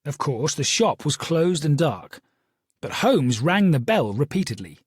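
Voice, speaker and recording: Husky-voiced male audiobook narrator. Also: a little high, a little slow, no room sound, studio quality. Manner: steady, storytelling delivery. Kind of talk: first-person audiobook narration.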